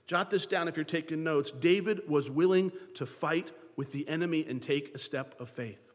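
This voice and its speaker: A man preaching a sermon, lively, acting out the voices of biblical figures to his congregation. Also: on the high side, normal speed, big-room sound. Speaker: pastor.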